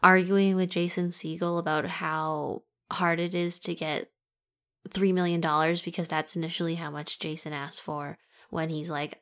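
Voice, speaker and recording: A woman's voice: on the low side, fairly even intonation, normal speed, fairly bright tone. A young woman chatting casually and sarcastically about a film, joking and laughing as she goes. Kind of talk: casual chat, film review.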